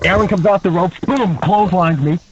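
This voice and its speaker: A man guesting on a podcast, telling a story with animated delivery, acting out what others said and laughing along. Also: high voice, a little fast. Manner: animated storyteller who acts out quotes and laughs. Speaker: guest, former wrestler. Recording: dull lo-fi sound with faint noise.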